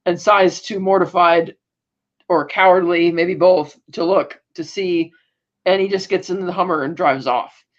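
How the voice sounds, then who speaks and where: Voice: medium pitch, steady tone, measured pace, dull audio. A podcast co-host casually recapping a TV episode, rambling with restarts and acting out quoted lines.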